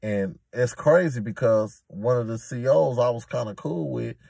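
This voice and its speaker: A man's voice: mid-range voice, moderate pace, creaky, dark tone, breathy edge, dry recording. A man telling a prison story in a casual, emphatic, streetwise way.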